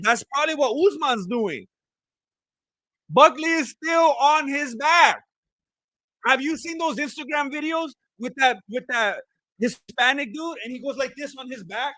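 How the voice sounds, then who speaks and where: With no echo in the recording, a man's very high, pushed, bright voice delivers loose, joking commentary while watching a live fight. He wanders off track and says the same things again and again.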